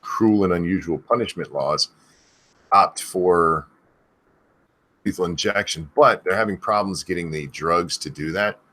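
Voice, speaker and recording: A man's voice: low voice, a little slow, bright, forceful tone. A man from the United States, co-hosting a casual talk show, blunt and opinionated. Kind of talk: casual podcast chat.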